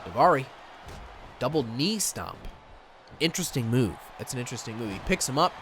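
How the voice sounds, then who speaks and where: Over background noise, a young guy from Michigan talks through a wrestling video game in a brisk, sing-song voice of medium pitch. His commentary wanders, interrupts itself, and keeps breaking into silly voices.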